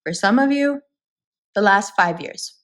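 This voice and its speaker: A woman's voice: mid-range voice, expressive, unhurried. A woman giving a spoken tarot reading, talking straight to her viewers in an earnest, reassuring way. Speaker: tarot reader.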